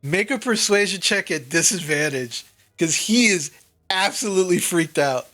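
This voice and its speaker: A woman's voice: lowish voice, expressive, fairly bright tone. A woman narrating as game master of a tabletop game, casual and laughing often. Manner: laughing, quick, loose narration.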